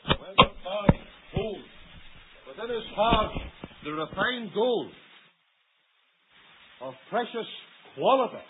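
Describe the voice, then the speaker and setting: A man preaching a sermon to a congregation, swinging between loud emphatic lines and low quiet asides. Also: animated, takes it slowly, long pauses, breathy edge. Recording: tinny phone-like old sermon recording.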